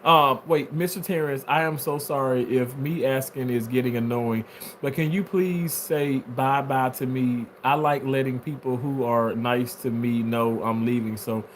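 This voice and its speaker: A man's voice: mid-range voice, unhurried, slight background noise. A man talking casually on a livestream, reading viewer comments aloud and answering them in a playful way with frequent laughter. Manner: animated, playful, laughs often.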